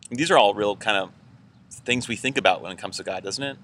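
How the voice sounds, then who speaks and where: Low-voiced guy pastor talking through a sermon real casual, lots of fillers, bright edgy tone. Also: quick pace, a little hiss or hum. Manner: casual and conversational, many "like"s and fillers. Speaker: church pastor. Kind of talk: informal weekend sermon message.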